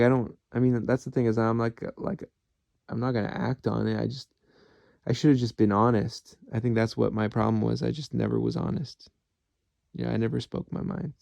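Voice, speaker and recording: A man's voice: mid-range voice, gravelly, dark tone, no echo. A man talking alone to the camera in a rambling, candid monologue, swearing freely as he goes. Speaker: vlogger.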